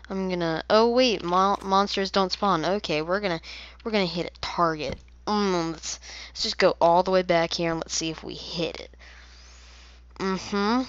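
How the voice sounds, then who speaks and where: A woman's voice: fairly low pitch, normal speed, no room sound. Playful rambling woman on lo-fi gameplay audio. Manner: playful, rambling, silly asides. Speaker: gaming video creator. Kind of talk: casual gameplay commentary.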